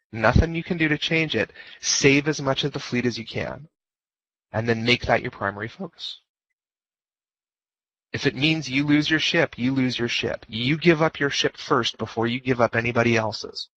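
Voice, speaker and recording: A man's voice: mid-range voice, fairly bright tone, no echo. Casual man lecturing over lo-fi chat. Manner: conversational, jokey, repeats key points. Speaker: guest lecturer on fleet command. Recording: dull lo-fi voice chat audio.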